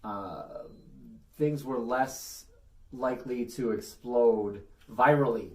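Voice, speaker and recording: A man co-hosting a casual talk show with a Western New York accent, trading dry, deadpan comebacks. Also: mid-range voice, slow pace. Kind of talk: casual banter. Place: underground bunker room. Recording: echoey room, distant mic.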